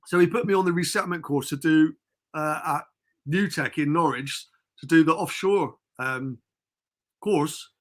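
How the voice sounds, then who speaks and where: Chatty middle-aged man, bright forceful voice. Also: on the high side, normal speed. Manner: rambling storyteller, chatty and informal. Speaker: podcast guest. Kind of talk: casual chat. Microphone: remote call.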